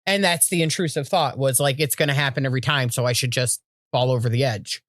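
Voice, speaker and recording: A woman's voice: very deep voice, steady tone, fast talker, no room sound, clean studio sound. A woman, co-hosting a podcast and telling rambling, profane stories in casual chat. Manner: rambling storyteller, swears freely, acts out voices. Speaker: podcast co-host.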